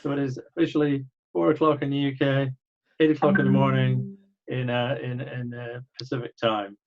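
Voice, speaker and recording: A man's voice: mid-range voice, level tone, moderate pace, dull audio. Dry-humored older Scottish man. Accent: mild Scottish. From Scotland. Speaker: guest, doctor. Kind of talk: conversational interview.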